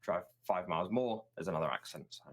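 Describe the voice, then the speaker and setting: A man, a guest chatting in a relaxed, self-mocking way over a remote call, often repeating his words. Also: low voice, quick pace. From southern England. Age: 30s. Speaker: guest streamer. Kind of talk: casual chat on a live stream.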